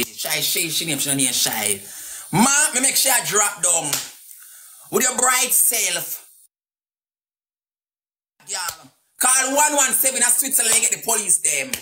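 A woman with a Jamaican Patois accent rants angrily on a live stream, her mid-range voice pushed and bright, with slight background noise. She curses and taunts, at times half singing her words.

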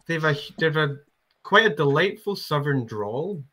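A man's voice: on the high side, animated, measured pace, bright, forceful tone. A Scottish man hosting a casual hobby chat, rambling and self-deprecating as he talks. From Scotland. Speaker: podcast host.

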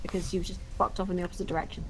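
A woman's voice: lowish voice, flat delivery, racing. Young woman gaming and swearing a lot, casual banter, faint hiss behind. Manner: blunt, sweary, joking. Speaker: gaming streamer.

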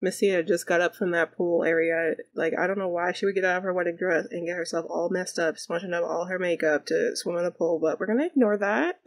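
A woman's voice: on the low side, fairly even intonation, fairly quick. A woman casually narrating a life simulation game, chatty and giggly. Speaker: gaming YouTuber.

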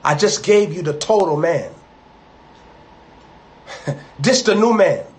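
A man preaching a live sermon, emphatic and rising to loud, high peaks on key words as he repeats and builds phrases into lists. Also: expressive, slow pace.

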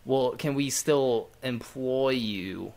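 A man's voice: medium pitch, takes it slowly, creaky, darkish tone. A young man co-hosting a podcast, talking in a loose, rambling way with lots of asides. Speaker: podcast co-host. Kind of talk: casual chat.

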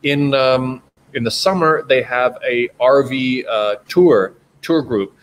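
A man's voice: medium pitch, takes it slowly, slight background noise. A man with a Canadian accent hosting a casual live stream chat, rambling with plenty of fillers and restarts. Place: home in China.

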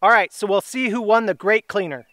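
In a casual giveaway vlog shot outdoors, a middle-aged man who hosts a grilling channel speaks in a high voice with a fairly bright tone. He's upbeat and chatty, making drawn-out announcements of the winners' names.

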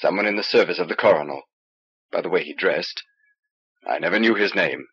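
A man voicing a nervous male alien informer who speaks low and hesitantly, on an old cassette recording. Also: a little fast, a bit bright, husky, muffled recording, exaggerated voice. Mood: confessing.

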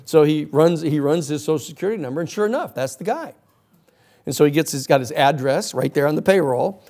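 Rambling, animated male lecturer. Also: fairly high pitch, a little fast. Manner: rambling, animated storytelling with many fillers. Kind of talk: classroom storytelling lecture.

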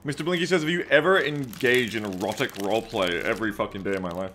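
A man's voice: fairly low pitch, fast talker, a bit bright, slight background noise. A man streaming a game live, chatting casually and reading viewer comments aloud. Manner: chatty, reads viewer comments aloud, often second-guesses himself mid-sentence.

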